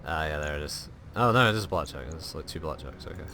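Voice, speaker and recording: A man's voice: a bass voice, animated, quick pace, creaky. A man giving casual, profane commentary while playing a game and poking fun at its voices. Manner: chatty, swears, mocks voices. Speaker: gaming streamer. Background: game music.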